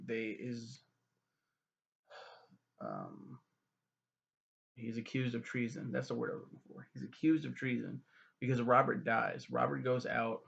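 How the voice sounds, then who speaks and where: A man's voice: mid-range voice, gravelly. A young man casually recapping a TV show, rambling and profane, with lots of fillers and corrections. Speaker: TV reviewer. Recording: dull lo-fi recording.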